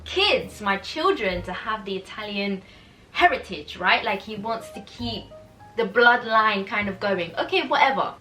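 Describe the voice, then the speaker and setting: A young woman in a casual reading vlog at home, chatting with animated, exasperated energy and laughing between thoughts. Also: mid-range voice. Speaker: book vlogger. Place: home room in the evening. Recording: voice a bit far from mic with music.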